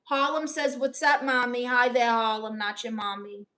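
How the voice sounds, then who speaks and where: A young woman from Brooklyn reading out her chat on a casual livestream, dry, deadpan and sarcastic. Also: on the high side, normal speed. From Brooklyn, New York. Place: home in Los Angeles.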